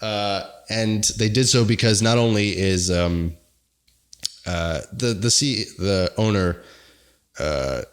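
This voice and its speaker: A man's voice: lowish voice, slow pace. Joking, laughing male podcast host. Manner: rambling and joking, laughs often. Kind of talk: casual chat.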